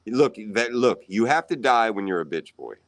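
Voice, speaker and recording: A man chats on a livestream in an animated, profane way and slips in conspiratorial asides. His voice sits low, yet his pitch swings up and down a great deal as he talks. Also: moderate pace, no echo, clean studio sound. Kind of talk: casual chat.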